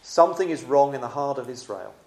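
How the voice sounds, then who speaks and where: A man's voice: mid-range voice, lively intonation, brisk, a little mellow. A man preaching a sermon in a dramatic, emphatic yet conversational way. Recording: echoey room.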